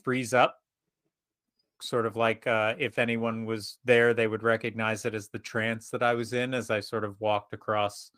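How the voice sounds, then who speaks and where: A man playing a tabletop role-playing game, narrating his character's actions in first person, animated and profane. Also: on the low side, normal speed, dry recording. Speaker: player.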